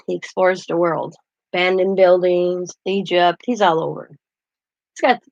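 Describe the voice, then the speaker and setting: A woman's voice: on the low side, vocal fry, no echo. A woman hosting a casual craft livestream, chatty and rambling as she talks to her chat while she works. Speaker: craft channel host. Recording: dull lo-fi dry sound.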